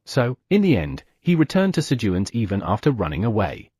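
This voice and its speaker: A man narrating an audiobook, telling the story with lively sound effects. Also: on the low side, brisk, breathy edge, no echo, clean studio sound.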